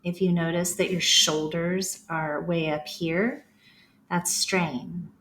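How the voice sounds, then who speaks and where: A woman gently leading a guided breathing practice, with slow, soothing instructions. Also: lowish voice, fairly even intonation, a little hiss or hum.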